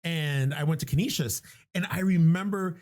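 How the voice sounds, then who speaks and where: A man from New York whose first language is Spanish, co-hosting a podcast in casual, animated chat and swearing freely. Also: fairly high pitch, moderate pace. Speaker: podcast co-host.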